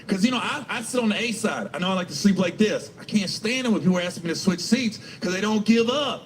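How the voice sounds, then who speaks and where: A man's voice: sits high, animated, fast, a little hiss or hum, rough recording. A middle-aged male stand-up comedian telling profane, rambling stories full of restarts.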